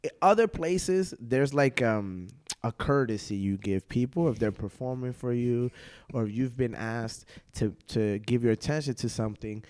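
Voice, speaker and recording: A man, a comedian guest on a podcast, telling a story in casual slang, animated and laughing often. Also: medium pitch, moderate pace.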